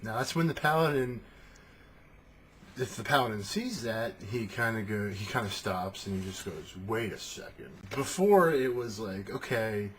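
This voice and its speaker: Man, low voice, casual, rambling, swearing, animated. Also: slight background noise. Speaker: tabletop game talker. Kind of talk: casual monologue.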